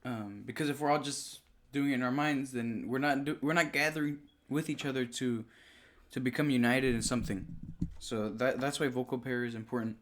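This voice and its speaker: A young man co-hosts a podcast and reads a passage aloud in an average-pitched voice. He stumbles over words and corrects himself, then breaks off to explain in a loose, conversational way. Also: fairly even intonation, brisk. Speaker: podcast co-host. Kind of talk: reading and discussing a text.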